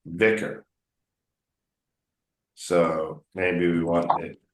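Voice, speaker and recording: A man coaches English one on one, patiently explaining words and drilling pronunciation by repeating them. His voice sits on the low side, a bit bright and a little slow, in a room with a roomy echo.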